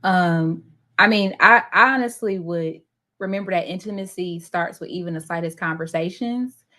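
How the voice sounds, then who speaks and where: A woman's voice: lowish voice, normal speed, bright, forceful tone. A woman answering a question on a live panel, talking frankly and bluntly with a laugh. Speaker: panel guest. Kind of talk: casual live Q&A chat.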